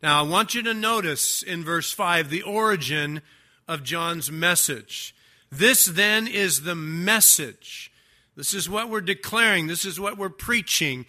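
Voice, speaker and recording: An older man preaching a sermon, stressing key words slowly and swinging between loud declarations and quiet asides. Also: sits high. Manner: emphatic preaching, stretching key words, rising and dropping loudness. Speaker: pastor.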